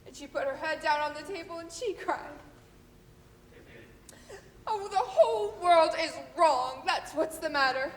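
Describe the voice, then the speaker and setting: Lady doing a fretful teary mom, very high slow voice, echoey hall. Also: lively intonation, a little hiss or hum. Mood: tearful. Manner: emotional, fussing, sighing. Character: fretful tearful mother of the groom. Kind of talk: live amateur stage acting. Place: theater stage.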